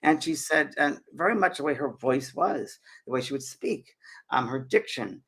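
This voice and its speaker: A man hosting a live talk show, telling a personal story in an animated way with frequent restarts. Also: a little high, moderate pace, creaky, breathy edge. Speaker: host.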